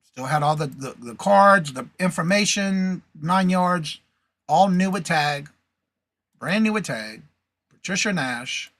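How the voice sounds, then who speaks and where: Hosting a live reseller stream, he speaks slowly in a high, bright, sharp-toned voice with lively intonation. He keeps the chat casual, reads comments out and welcomes viewers by name, all in close, dry sound with no echo.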